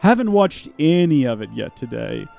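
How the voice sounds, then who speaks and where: A man's voice: mid-range voice, big pitch swings, moderate pace, gravelly, a little mellow, faint music behind. A man hosting a live game stream, with goofy, rambling and chatty commentary.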